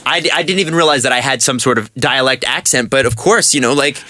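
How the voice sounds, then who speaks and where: A man's voice: mid-range voice, fast, bright, forceful tone, no echo. A Canadian man hosting a podcast, explaining at length in casual chat. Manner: explaining, rambling with restarts. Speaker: podcast host.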